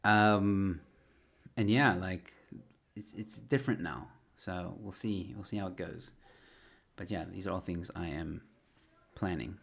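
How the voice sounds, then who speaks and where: A man's voice: sits low, a little slow, creaky, long pauses. A man, a stand-up comedian, chatting casually on a home livestream, rambling with lots of fillers and restarts. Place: his home. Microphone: webcam or desk mic at home.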